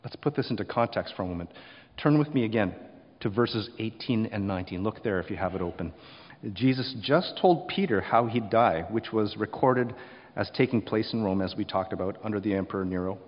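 A man preaching a sermon, rising to loud emphasis and then dropping quiet, often acting out short quotes. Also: on the low side, lively intonation, fairly quick, big-room sound, lo-fi sound. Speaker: pastor.

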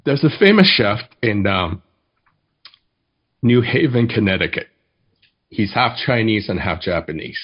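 A man preaching a sermon as pastor, telling stories in a measured way and reading poetry slowly. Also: on the low side, expressive, husky, lo-fi sound.

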